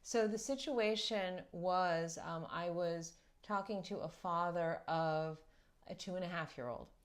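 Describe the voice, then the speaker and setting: A woman's voice: lowish voice, unhurried. A middle-aged woman parenting coach giving earnest, reflective advice and explaining her points through stories. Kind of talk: talking-head advice video.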